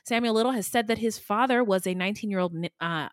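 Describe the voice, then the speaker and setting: A woman co-hosting a true-crime podcast, chatty and animated, tossing in quips and asides. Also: mid-range voice, quick pace, dry recording, clean studio sound. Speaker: podcast co-host.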